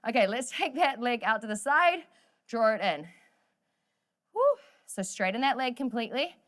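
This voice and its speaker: With a somewhat high, slightly bright voice and lively intonation, a woman runs a workout class at a moderate pace. She's upbeat and joking as a fitness instructor, encouraging people and counting down the final seconds of each set.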